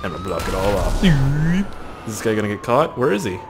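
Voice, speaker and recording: A young man giving excitable, heavily profane, jokey running commentary while playing a driving game. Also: medium pitch, normal speed, noisy background. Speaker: gaming video host. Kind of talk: let's-play commentary. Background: game music and car sounds.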